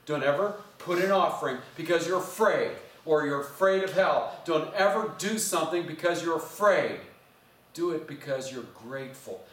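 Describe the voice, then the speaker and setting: A man, a pastor, preaching a sermon with earnest storytelling that often drops to a soft, intimate hush. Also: on the high side, animated, normal speed. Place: church sanctuary. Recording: roomy church sound, mic at a distance.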